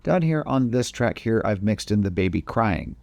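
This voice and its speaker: Low-voiced man walking through software. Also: sing-song, moderate pace, creaky, dry recording, lo-fi sound. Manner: casual step-by-step explaining, frequent self-corrections. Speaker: video editing instructor. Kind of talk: screen-recorded software tutorial.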